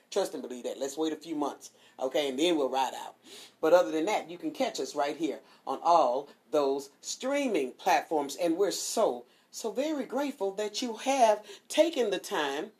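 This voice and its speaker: A woman hosting a streaming devotional show, chatting casually and giving shout-outs before a Bible reading. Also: sits low. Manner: animated and chatty, swoops up on exclamations.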